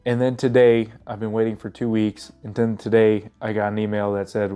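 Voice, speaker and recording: A man's voice: fairly low pitch, flat delivery, fairly quick, hardly any pauses, warm tone, smooth, faint music behind. A young man with a cold talking casually and earnestly to his viewers, his voice stuffy and congested, rambling with plenty of fillers and restarts. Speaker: vlogger. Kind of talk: casual talk to camera.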